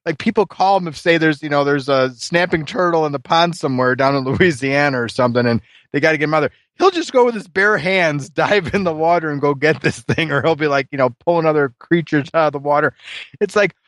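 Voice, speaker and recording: A man co-hosting a podcast, telling stories in a halting way with lots of laughs. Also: a little high, fairly bright tone, no echo, clean studio sound. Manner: halting storytelling, many fillers and restarts, laughs a lot. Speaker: podcast co-host. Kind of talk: casual chat.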